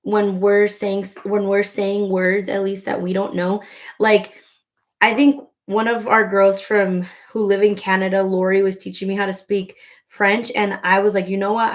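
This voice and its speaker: This is a woman at a middle pitch, chatting casually while she crochets at home. She rambles freely and leans on filler words. Her delivery is relaxed and conversational, like a craft vlogger talking with her audience. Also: moderate pace.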